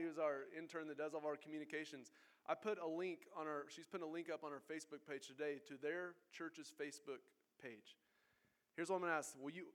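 A man preaching a sermon as pastor, earnest and exhorting his congregation. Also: on the high side. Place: church sanctuary.

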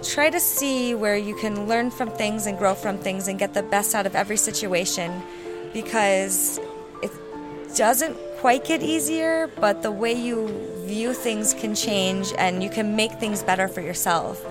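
A woman with a mid-range voice reflects earnestly on her past, with pauses and soft hesitations. Music plays clearly underneath. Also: medium pitch. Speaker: guest storyteller. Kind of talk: sincere interview reflection.

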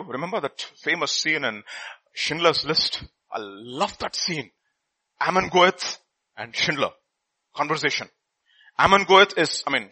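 A man preaching a sermon, reading scripture and swinging from loud bursts to quiet asides. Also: on the high side, breathy edge, poor audio.

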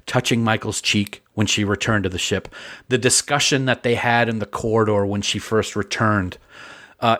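A man's voice: on the low side, fairly bright tone. Guy co-hosting a podcast, eager and earnest, gushing about stuff. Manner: enthusiastic, earnest fan praise. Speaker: podcast co-host. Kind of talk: casual podcast chat.

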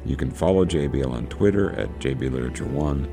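A man hosts a radio show about literature, his voice extremely low with a gravelly fry. He reads passages aloud and then talks them through haltingly, with plenty of fillers and restarts. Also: music in the background. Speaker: radio literature program host. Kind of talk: reading and discussing a novel on air.

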